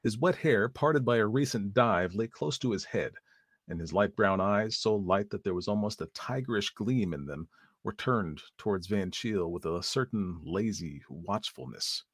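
A man reading a story aloud as narrator in a measured, even manner. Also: on the low side, breathy edge, no room sound, studio quality.

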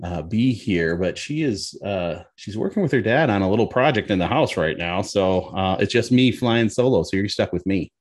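A man's voice: on the low side, animated, normal speed, hardly any pauses, no echo, studio quality. A man hosting a podcast, talking in an upbeat, chatty, folksy way. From US Midwest. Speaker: podcast host. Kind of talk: casual podcast chat.

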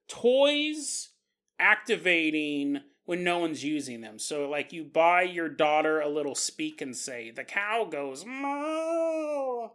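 Male podcast host, bright voice, animated casual storyteller who laughs a lot. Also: fairly high pitch, takes it slowly. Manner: animated, laughs often, acts out quotes.

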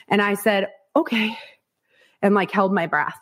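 A woman's voice: medium pitch, fairly even intonation, a little slow, fairly bright tone. A woman from Iowa, a podcast guest, tells her story frankly and with animation, acting out quotes, swearing and laughing often. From Iowa, United States. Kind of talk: candid storytelling interview.

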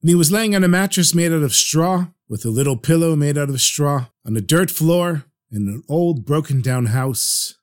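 A man narrating a traditional story for a podcast in an earnest, lively way. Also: fairly high pitch, normal speed, few pauses.

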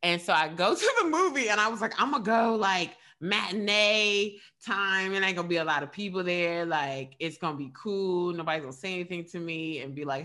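A woman's voice: lowish voice, moderate pace. A woman hosting a podcast who chats casually and tells stories with lots of laughter. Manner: animated storytelling, laughs often. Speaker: podcast host. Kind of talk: casual chat.

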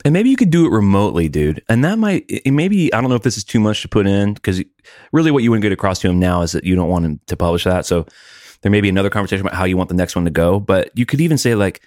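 Fast animated low-voiced man coaching. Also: dry recording, studio quality. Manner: animated, coaching, laughs often. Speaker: podcast co-host giving advice. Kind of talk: casual chat.

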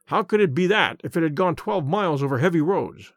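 A man voicing a calm, assured detective. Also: fairly high pitch, no room sound, studio quality. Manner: measured, quietly assured, slow on key points. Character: calm, incisive male detective, middle-aged. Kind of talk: audiobook character reading.

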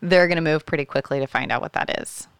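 A woman hosting a casual chat, talking hesitantly and pausing with lots of um and like as she looks for her words. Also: low-pitched, smooth, dry recording, clean studio sound. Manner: hesitant, many fillers and restarts. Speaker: host.

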